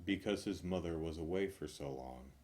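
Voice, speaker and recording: A man reading numbered jokes aloud one after another, hitting each punchline with animated emphasis. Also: sits low. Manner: animated, punchy joke delivery with drawn-out punchlines.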